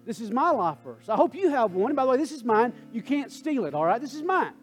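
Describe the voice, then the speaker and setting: A man preaches a sermon in a high, ringing voice, dropping into hushed prayer and then climbing back to loud, urgent calls to his congregation. Soft guitar plays faintly beneath him. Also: very animated, fast. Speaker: pastor. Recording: faint guitar music underneath.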